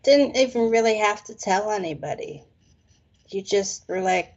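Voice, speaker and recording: Woman palm reader talking slow and easy, joking around, kinda dull muffled audio. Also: mid-range voice, animated. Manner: playful, chatty, slangy. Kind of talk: casual live palm reading.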